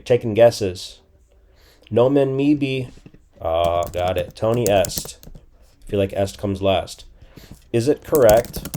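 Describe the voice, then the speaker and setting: A man's voice: fairly low pitch, mellow, slight background noise. A man in his forties teaching a casual lesson, thinking aloud and repeating phrases as he guesses them. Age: 40s. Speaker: language teacher. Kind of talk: casual screen-recorded lesson.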